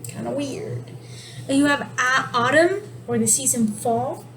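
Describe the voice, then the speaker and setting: A woman explaining sign language in a casual video lesson, relaxed and explanatory, sometimes correcting herself. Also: high-pitched, a little slow, rough recording. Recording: steady background noise.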